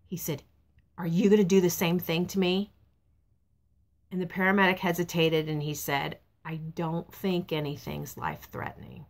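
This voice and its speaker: A middle-aged woman talks casually to her camera, her voice sitting low. She tells a family story in a chatty, rambling way, acting out what others said. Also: lively intonation, moderate pace, gravelly. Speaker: vlogger. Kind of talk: casual personal vlog. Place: truck stop, outdoors.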